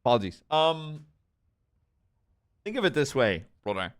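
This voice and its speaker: A man playing a calm, easygoing sheriff in a role-play game, talking casually with plenty of "you know". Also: mid-range voice, measured pace, clear, resonant tone, no room sound. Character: laid-back male sheriff. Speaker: sheriff character.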